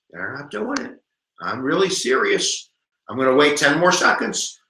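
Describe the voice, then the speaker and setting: Animated American history teacher, echoey room. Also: male voice, a little high, normal speed. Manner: animated, jokey, talks to viewers. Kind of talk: live exam review stream.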